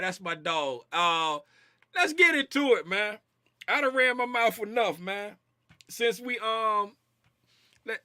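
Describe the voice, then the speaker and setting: A man's voice: high voice, bright, forceful tone, no room sound, clean studio sound. A man hosting a casual trading livestream, reading viewer comments in a loose, slangy way and repeating his phrases. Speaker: trading stream host.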